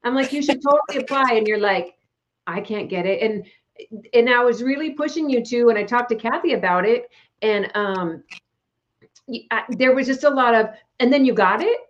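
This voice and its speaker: Woman host, high-ish voice, encouraging, lively storyteller; dull, faintly noisy sound. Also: moderate pace. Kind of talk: conversational interview. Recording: slightly dull recording with faint noise.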